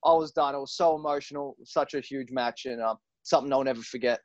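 Profane, candid wrestler with a dry sound. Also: male voice, mid-range voice, quick pace, dry recording. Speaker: professional wrestler guest. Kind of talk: casual interview storytelling. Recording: dull lo-fi recording.

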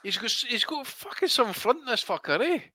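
A man's voice: extremely high pitch, very animated, a little fast, a crowd in the background. A man on a boxing podcast, trading blunt, sweary banter. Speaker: podcast co-host.

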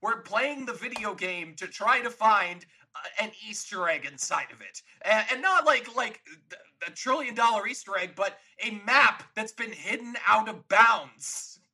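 A man's voice: high voice, expressive, a little slow, bright, forceful tone, breathy edge, poor audio. A man co-hosting a podcast, chatting casually about a movie and laughing easily. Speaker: podcast co-host.

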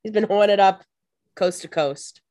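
A woman co-hosting a casual podcast, throwing in quick jokes and asides. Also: medium pitch, dark tone, dry recording, studio quality. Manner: joking asides, quick quips. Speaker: podcast co-host. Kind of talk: casual chat.

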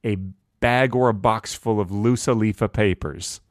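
A man co-hosting a comedy podcast who insists on absurd claims with a deadpan, confident delivery. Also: fairly low pitch, measured pace, no room sound, studio quality. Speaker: podcast co-host. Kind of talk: casual comedic chat.

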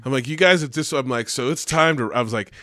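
A young man tells a rambling school story in a loose, profane way, leaning on "like" and acting out what everyone said. His voice is close and dry, with no room sound. His pitch sits in a middle range. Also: fast, dry recording. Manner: animated and profane, heavy use of "like", acts out quotes. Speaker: teacher. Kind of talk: casual storytelling chat.

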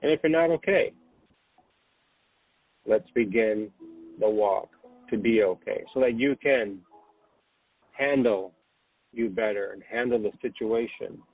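Husky, reassuring man, phone-like. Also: on the low side, a little slow, pauses often, no echo. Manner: gentle, reassuring, guiding the listener to breathe and relax. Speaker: podcast host. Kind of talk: late-night spiritual podcast talk. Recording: dry, phone-like narrow sound.

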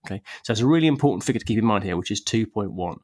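A man's voice: on the low side, animated, very fast, a little mellow. A man on a casual podcast, explaining ideas step by step. He is thoughtful and talks through figures. He restarts his sentences often. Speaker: podcast panelist.

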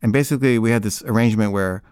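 A man's voice: fairly low pitch, rapid-fire, darkish tone, smooth, no room sound, clean studio sound. A man casually telling a personal story in the first person, rambling and conversational, with frequent filler words.

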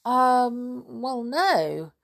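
Storybook boy, young and firm, takes the lead, slow and creaky; a woman reads it. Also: a little high, big pitch swings, pitched above the performer's own voice, full character voice. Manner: firm, leading. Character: bold, determined young boy.

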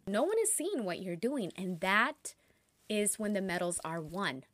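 A young adult woman, a meditation teacher and podcast host, telling spiritual stories earnestly with lively bursts of excitement. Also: mid-range voice, dry recording. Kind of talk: reflective spiritual monologue.

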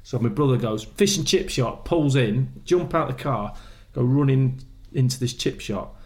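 A man's voice: mid-range voice, expressive, normal speed, darkish tone. A man, a former footballer telling stories as a guest, acting out quotes and laughing often. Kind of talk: anecdotal storytelling.

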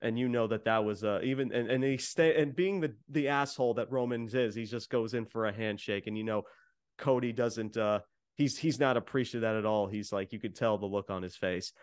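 A man's voice: lowish voice, fairly quick, clean tone, no echo, studio quality. A man on a podcast casually recapping a wrestling show, rambling with many fillers and acting out what was said. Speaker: podcast co-host.

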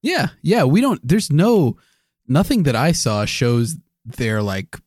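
Lively-pitched male podcast co-host. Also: no room sound, studio quality. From United States. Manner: reasoned, halting restarts, laughing. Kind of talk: casual chat.

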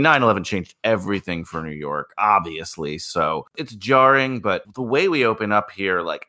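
A man co-hosting a casual film discussion podcast, chatty and quick to laugh. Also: on the low side, bright, forceful tone. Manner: chatty, laughs often, rising emphasis. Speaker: podcast co-host.

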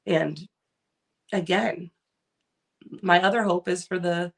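A woman's voice: fairly low pitch, fairly even intonation, slow pace, vocal fry. A middle-aged woman from California co-hosting a podcast, chatting casually and rambling with lots of fillers and restarts. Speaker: podcast co-host. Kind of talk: casual chat.

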